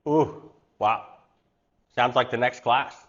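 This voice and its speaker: A man's voice: mid-range voice, slow pace, fairly bright tone, lo-fi sound. A man hosting a live online cooking class, chatting casually and rambling into stories. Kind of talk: casual livestream class chat.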